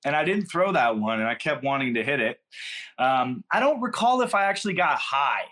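A man's voice: mid-range voice, big pitch swings, brisk, bright, forceful tone. Middle-aged california guy, chill and slangy, rambling through a story on a podcast. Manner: laid-back, slangy, rambling with fillers. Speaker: guest. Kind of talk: casual storytelling in a podcast interview.

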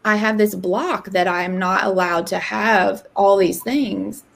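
A woman's voice: slow pace, creaky. A woman in her thirties telling a candid personal story in casual conversation, acting out quoted lines. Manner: animated, acts out quoted dialogue with rising pitch. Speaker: podcast guest.

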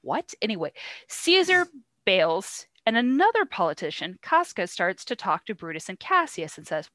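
A woman's voice: mid-range voice, very animated, normal speed, sharp tone, no echo. A young woman co-hosting a podcast, retelling a play in casual, swearing slang and acting out the characters in bits. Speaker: podcast co-host.

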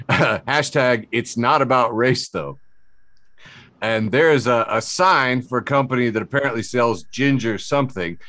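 A man's voice: medium pitch, a little slow, a bit bright, dry recording. Male podcast host, casual and giggly, dry close sound. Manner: rambling, many fillers and restarts, laughs often. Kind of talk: casual comedy podcast chat.

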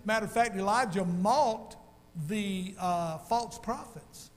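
A male pastor preaching a sermon in a folksy, animated storytelling way, calling out to his congregation. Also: high-pitched, measured pace, in a large hall.

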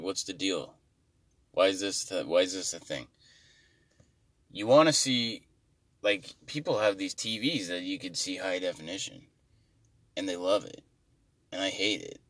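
A man's voice: low-pitched, a bit bright, dry recording, recorded from a distance. A man doing a rambling, profane, exasperated comic rant, recorded slightly off-mic.

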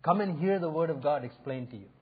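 Husky high-voiced pastor preaching. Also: male voice, animated, fast talker. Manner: earnest, inviting, rising and falling emphasis. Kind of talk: sermon. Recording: phone-like narrow sound.

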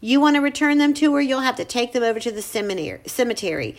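Woman putting on a worn-out grieving old mom, low and hollow, kinda sad and flat. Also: fast talker. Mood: sorrowful. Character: weary grieving older mother, hollow and tired.

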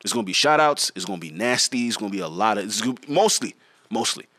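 A man's voice: on the low side, lively intonation, quick pace, pushed and bright, no echo. A young man co-hosting a podcast in casual banter, joking, laughing and restarting his sentences. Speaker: podcast co-host.

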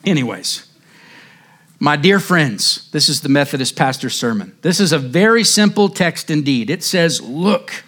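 A man's voice: a little high, expressive, moderate pace, fairly bright tone. A male pastor preaching a sermon in an impassioned, emphatic way.

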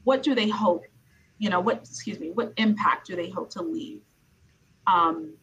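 A woman's voice: lowish voice, moderate pace, fairly bright tone, slight background noise, low-quality recording. Chatty woman interviewer from Brooklyn. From Brooklyn, New York. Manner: chatty, leans on "you know" and repeats words. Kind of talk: casual conversational interview.

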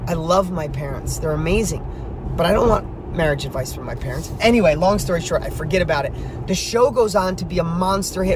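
A man's voice: sits high, noisy background. A middle-aged man, a real estate coach, telling a story to camera while driving, emphatic and fired up.

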